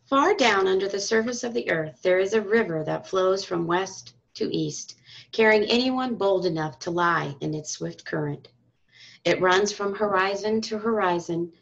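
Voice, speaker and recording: A woman reading a storybook aloud to school children and parents, in a calm, expressive storytelling manner. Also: lowish voice, creaky. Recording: dull lo-fi recording.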